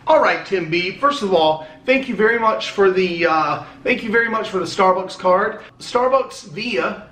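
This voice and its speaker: A man's voice: high voice, animated, moderate pace, sharp tone. A man opening fan mail on a casual vlog, chatty and rambling, swearing now and then. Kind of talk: casual chat. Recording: echoey room.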